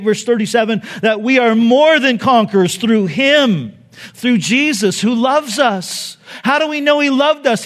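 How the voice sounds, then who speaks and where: A male pastor preaching a sermon with passion, firing rhetorical questions and dropping soft and low on key phrases.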